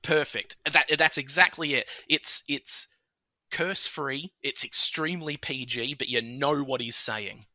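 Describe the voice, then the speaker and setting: An Australian man in his thirties chatting casually on a podcast, animated and quick to laugh. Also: medium pitch, dry recording. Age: 30s. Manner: animated, laughs often, puts on voices for quoted people. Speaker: podcast host. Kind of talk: casual chat.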